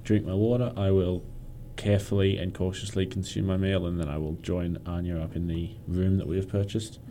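Deep man, dark tone, faint hum behind, careful halting speech. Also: little pitch movement. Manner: deliberate, halting, with restarts. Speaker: player. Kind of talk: casual tabletop play.

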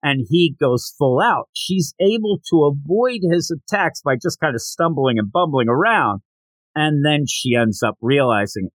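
A man hosting a podcast who gives a casual, animated recap of a comic chapter, with jokey asides. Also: fairly high pitch, unhurried, no echo, low-quality recording. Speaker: podcast host.

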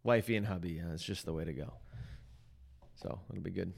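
A man's voice: sits low, a little fast, vocal fry. A man hosting a faith podcast as lead pastor, opening with a scripted intro and then joking around in casual chat, often restarting his sentences. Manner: playful, jokey, trails off into restarts.

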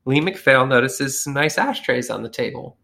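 A man's voice: mid-range voice, expressive, moderate pace, vocal fry, crowd noise. Man telling a profane, slangy story. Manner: profane, slangy, acts out characters with shifting voices. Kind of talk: casual comedic storytelling.

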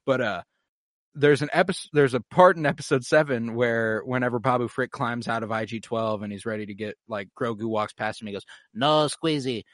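A man's voice: medium pitch, fairly quick, no echo, studio quality. A man hosting a podcast in an eager, casual chat, quizzing his co-host.

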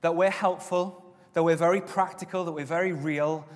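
A man preaching a sermon as pastor, with stretches of loud, emphatic exhortation and softer prayer. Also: on the high side, fairly even intonation, moderate pace. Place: church auditorium. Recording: long reverb of a church hall.

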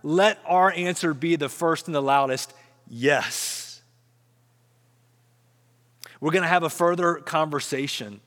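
A man's voice: on the high side, normal speed, hardly any pauses, fairly bright tone, big-room sound. A man preaching a sermon as pastor, earnest, often repeating words as he builds up.

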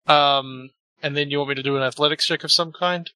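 A tabletop player with a bright, clear-toned voice, recorded dry and close. The speech is hesitant, trailing off and restarting while thinking aloud. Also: mid-range voice, steady tone, brisk, no echo. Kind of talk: casual tabletop play.

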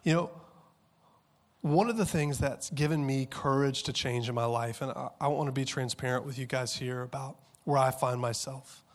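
A man in his thirties preaching a sermon with passion, dropping to hushed tones and then rising to loud, urgent peaks. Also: medium pitch, steady tone, normal speed. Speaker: pastor.

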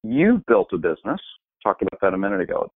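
A man's voice: on the low side, sing-song, fast, breathy edge, dry recording. A man hosting an interview, asking questions and chiming in with short agreements. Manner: brief affirming interjections. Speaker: interviewer, host. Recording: tinny phone-like line, dry.

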